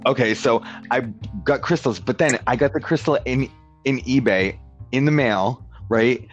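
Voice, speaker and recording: At a moderate pace and medium pitch, a man rambles through a story in casual chat, peppering it with "like" and slipping into other people's voices when he quotes them. The sound is dull and lo-fi, with faint guitar music behind him.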